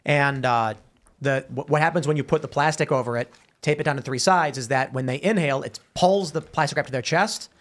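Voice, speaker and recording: A man hosts a casual studio talk show, telling stories in an animated way full of restarts and stumbles. His voice is mid-range and fairly quick.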